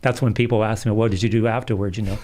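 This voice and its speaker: Middle-aged priest guy, lowish voice, calm measured storytelling. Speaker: Catholic priest and exorcist. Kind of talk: storytelling in a livestream interview.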